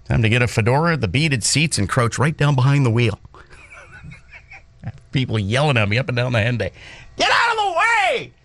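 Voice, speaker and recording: A man's voice: mid-range voice, brisk, long pauses, a little hiss or hum. A man in his sixties hosting a morning radio show, joking and self-deprecating as he tells stories. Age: 60s. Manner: jokey, self-deprecating, animated storyteller. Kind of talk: playful morning show banter. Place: radio studio. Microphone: studio microphone.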